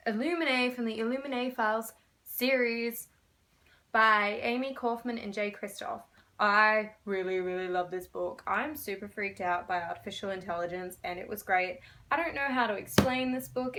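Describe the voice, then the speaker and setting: A young woman talks casually into her phone camera, rambling and gushing with excitement. She sits at a middle pitch, neither high nor low. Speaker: book vlogger. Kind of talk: casual book haul chat.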